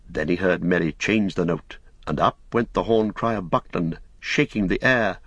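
Deep husky male audiobook narrator. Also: a bit bright, no echo, dull audio. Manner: measured, storytelling.

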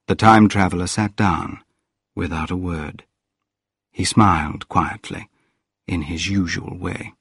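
Deep, slow, husky male storyteller. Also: no room sound, studio quality. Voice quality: calm, measured reading. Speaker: audiobook narrator. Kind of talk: scripted narration.

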